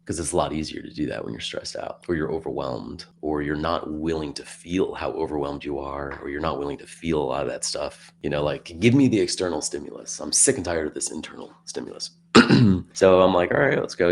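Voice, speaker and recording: A man with an extremely low voice and a gravelly fry tells a story on a podcast. He chats casually, acts out what people said, and clears his throat now and then. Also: a little hiss or hum. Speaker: podcast guest.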